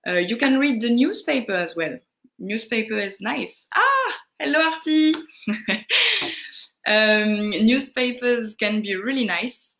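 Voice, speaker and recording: Slow-talking French woman tutor. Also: mid-range voice, a bit bright, slight background noise. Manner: unhurried, answering viewer questions, greets chatters; hesitant, many fillers. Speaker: French tutor on a live stream. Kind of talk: casual live Q&A lesson.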